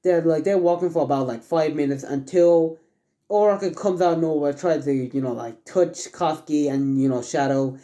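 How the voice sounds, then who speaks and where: A man's voice: fairly high pitch, moderate pace, warm tone. A man casually narrating a fan story, rambling and stumbling with lots of fillers.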